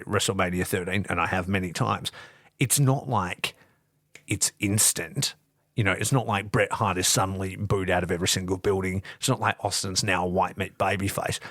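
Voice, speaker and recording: Deep-voiced and recorded in a clean studio with no room sound, this man co-hosts a wrestling podcast. He chats casually about wrestling, spinning animated, profane stories and acting out what people said.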